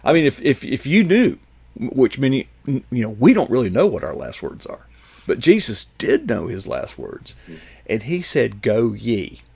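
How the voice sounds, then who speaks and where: A man's voice: medium pitch, wildly swooping pitch, normal speed, creaky, a little mellow, slightly rough, no room sound. A man hosting a talk show, a psychologist who chats in a folksy way with joking asides. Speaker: host, psychologist. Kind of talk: casual chat.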